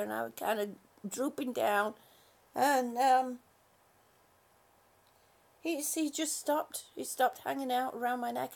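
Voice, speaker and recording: A woman hosts a casual live stream, calling each viewer honey or sweetie as she greets them. Her voice sits high but carries a gravelly edge, and she talks at an unhurried, meandering pace. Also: darkish tone. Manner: greets viewers one by one with affectionate pet names; rambling, with many fillers and restarts.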